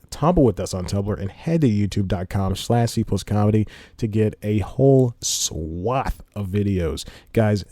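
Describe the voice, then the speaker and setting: Chatty low-voiced man podcast host. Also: dark tone, no room sound. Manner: rambling, laughs between phrases. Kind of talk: casual monologue. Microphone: studio microphone with headphones.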